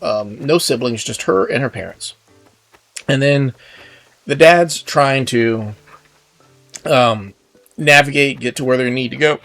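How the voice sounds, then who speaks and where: A man's voice: mid-range voice, unhurried, pauses often, fairly bright tone, soft background music. Rambling man narrating his gameplay. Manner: rambling, self-deprecating, many fillers and restarts. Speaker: gaming video host. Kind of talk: casual gameplay commentary.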